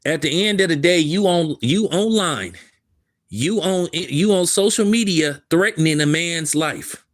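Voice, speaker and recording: A man's voice: fairly high pitch, animated, a little slow. A man giving emphatic, casual commentary, repeating himself for stress in street slang. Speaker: commentary host. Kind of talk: opinionated commentary.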